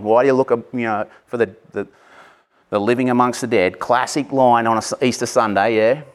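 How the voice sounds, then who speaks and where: Passionate, animated male preacher. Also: mid-range voice. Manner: passionate, animated, conversational with asides. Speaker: pastor. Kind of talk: Easter sermon.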